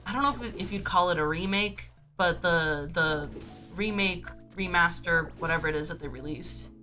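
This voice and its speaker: Woman, lowish voice, bright and forceful tone, rambling livestream chatter, soft music underneath. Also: moderate pace. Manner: rambling, chatty, full of "um" and "like" and restarts. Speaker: streamer. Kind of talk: casual chatty livestream talk.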